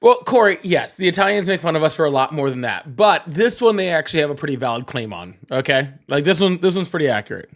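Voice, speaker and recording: A man's voice: fairly high pitch, big pitch swings, fast, hardly any pauses. A man hosting a casual live stream, chatting in a rambling way and greeting viewers between points. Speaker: livestream host.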